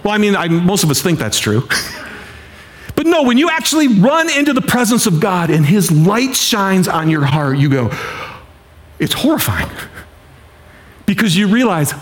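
A male pastor delivers a sermon in a fairly high voice that climbs sharply when he pleads and drops to a near whisper for emphasis. He repeats himself for effect and acts out what people and God would say. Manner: passionate, swings from loud pleading to hushed intensity.

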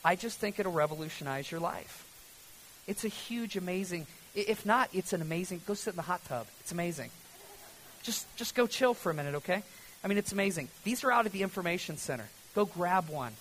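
A man preaching a sermon as pastor, lively and conversational, swinging from loud emphatic lines to a hushed, almost whispered delivery. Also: high-pitched, fairly quick, slight background noise, poor audio.

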